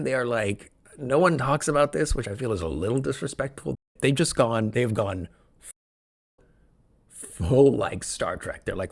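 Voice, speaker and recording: A man hosting a solo podcast, talking in an excitable, rambling, jokey way from a room where he records alone. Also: mid-range voice, gravelly. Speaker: podcast host. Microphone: podcast microphone, also filmed.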